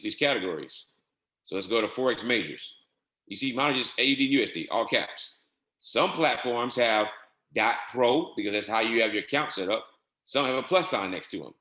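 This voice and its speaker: A man walking viewers through trading software settings step by step in a casual, repetitive way. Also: mid-range voice, roomy sound. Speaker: trading instructor. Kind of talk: screen-share software tutorial.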